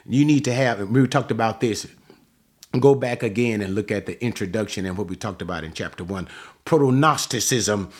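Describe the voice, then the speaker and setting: Emphatic male Bible teacher, slow and lively. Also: medium pitch. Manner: emphatic, rhetorical questions, rising to stress key words. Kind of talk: expository sermon.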